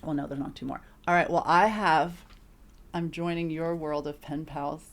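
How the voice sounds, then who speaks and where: A woman co-hosting a podcast, telling stories in casual chat, animated and full of fillers. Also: low-pitched, normal speed. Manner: animated storytelling, filler-heavy. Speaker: podcast co-host.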